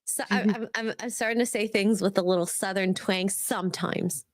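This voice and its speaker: A woman's voice: mid-range voice, fairly even intonation, normal speed, no echo, studio quality. A woman co-hosting a casual livestream chat, chatty and giggling. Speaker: co-host.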